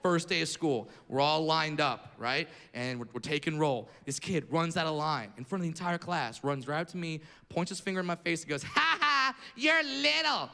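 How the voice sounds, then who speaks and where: A man from California doing stand-up comedy, brash and punchy, building to shouted rants. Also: a little high, brisk, few pauses.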